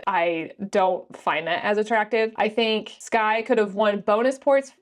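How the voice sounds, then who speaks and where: A woman giving a casual book review, chatty and full of "like" fillers. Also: mid-range voice. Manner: chatty, lots of "like" fillers, quick laughs.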